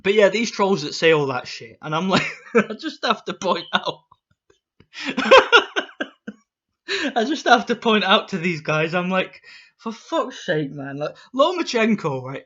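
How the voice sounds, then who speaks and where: A man in a casual vlog rant, swearing freely and tripping over repeated words. His voice sits a little high and sounds bright and sharp. The audio is dull and lo-fi. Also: big pitch swings, a little slow, long pauses. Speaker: boxing YouTuber.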